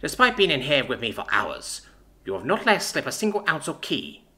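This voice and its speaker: A man voicing an imperious female dragon ruler who speaks in a measured, silky, threatening way. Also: medium pitch, wildly swooping pitch, sharp tone. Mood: cool menace. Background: faint background music.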